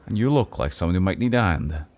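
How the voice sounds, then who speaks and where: A man's voice: low voice, animated, quick pace, darkish tone. A man voicing a friendly old retired male city guard with a Scottish accent, chatty and folksy in an old-timey way. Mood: proud.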